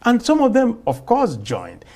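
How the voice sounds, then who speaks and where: Slow, emphatic man with a lively high voice. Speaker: interviewed commentator. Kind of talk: political commentary.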